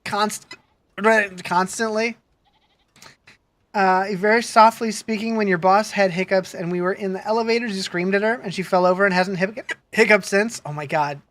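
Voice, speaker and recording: Bright-voiced streamer with hiccups. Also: medium pitch, fairly even intonation, moderate pace. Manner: chatty, answers chat questions with many restarts. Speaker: game streamer. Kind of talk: casual live-stream chat, reading viewer comments.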